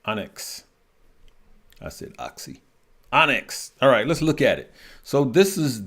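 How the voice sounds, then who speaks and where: On a live trading stream covering stocks and crypto, the host, a man with a lowish and fairly bright voice, chats casually with his audience. He laughs a lot and calls out viewers by name, thinking aloud and trailing off while looking over charts.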